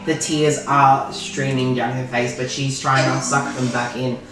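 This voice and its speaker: Low-voiced Australian woman game master. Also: little pitch movement, a little slow, background noise. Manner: loose and rambling, frequent restarts. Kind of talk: narrating a tabletop game. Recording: distant roomy sound with background music.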